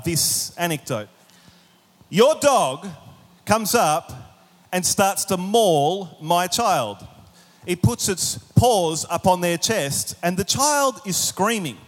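A man preaching a sermon in an animated way, with humorous asides and acted-out voices. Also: high voice, long reverb tail. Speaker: pastor.

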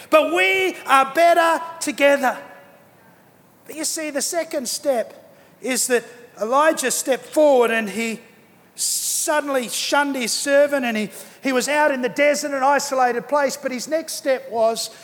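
Middle-aged male pastor, very high voice, emphatic sermon delivery, long hall reverb. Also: unhurried, a bit bright. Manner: emphatic, repeats key phrases, acts out quoted people. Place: church auditorium.

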